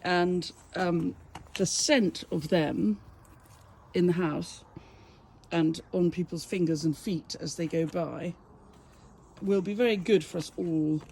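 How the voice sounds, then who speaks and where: Chatty English woman with a gravelly edge. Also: fairly low pitch, fairly even intonation, slow pace, pauses often, a little mellow. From England. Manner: chatty, rambling, self-amused. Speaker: flower farmer. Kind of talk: casual garden tour vlog. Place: outdoors in a garden by a back door.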